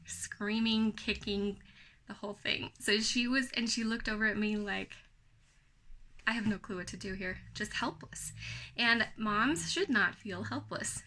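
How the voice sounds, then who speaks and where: A young adult woman talking straight to camera as a parenting coach, giving firm, even, encouraging step-by-step advice. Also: medium pitch. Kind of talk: talking-head teaching video.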